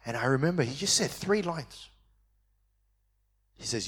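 A man preaching a sermon, telling a personal story in a lively way and acting out his younger self, then dropping to a quiet, slow voice at tender moments. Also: mid-range voice, breathy edge. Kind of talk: sermon testimony.

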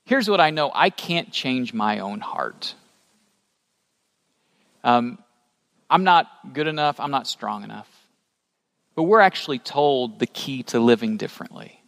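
A man preaching a sermon as a pastor, animated and rising to emphatic peaks, asking the congregation questions. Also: medium pitch, measured pace, gravelly, pauses often. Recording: long hall reverb.

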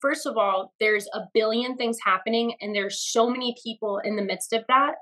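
A woman guest on a podcast telling stories in a lively, chatty way and laughing often. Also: a little high, normal speed, poor audio. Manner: animated storyteller, laughs often. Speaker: guest actress. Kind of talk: casual podcast interview.

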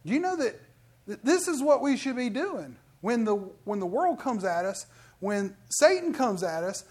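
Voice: medium pitch, measured pace. A middle-aged preacher giving an emphatic sermon with lots of restarts. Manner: animated, emphatic, with many restarts.

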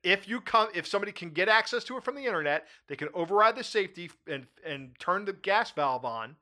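A middle-aged man hosting a casual talk show, animated and quick to laugh, often repeating his words. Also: sits high. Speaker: podcast host. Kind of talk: casual chat.

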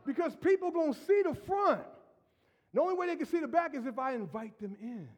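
A middle-aged male pastor giving a lively, joking sermon, acting out quotes and shouting at times. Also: very high-pitched, a little fast.

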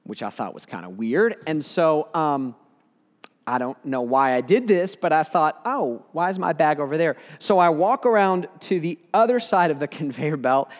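Storytelling preacher in a reverberant hall. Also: male voice, on the high side, very animated, normal speed. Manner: conversational storytelling with humor. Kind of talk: sermon with a personal story.

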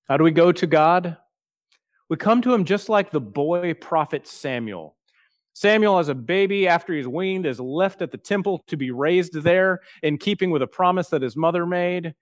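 A man preaching a sermon, earnest and plainspoken, slowing down and softening his voice for quoted prayers. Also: fairly high pitch, animated, dry recording, clean studio sound. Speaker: pastor.

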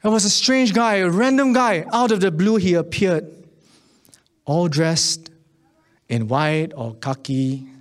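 High-voiced preacher telling a story. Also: male voice, slow pace, pauses often. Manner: earnest, building to an impassioned altar call; repeats words and restarts often. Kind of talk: sermon with a personal story.

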